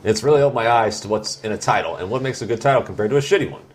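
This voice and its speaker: A man's voice: on the low side, racing. A man co-hosting a casual podcast, reading a listener email aloud with joking asides. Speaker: podcast co-host.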